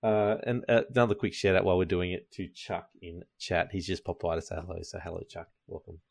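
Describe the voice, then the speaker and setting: A man's voice: sits low, little pitch movement, fast talker, vocal fry, dry recording. A man hosting a casual podcast, chatty and rambling with plenty of fillers. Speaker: podcast host. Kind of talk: casual live-stream podcast sign-off.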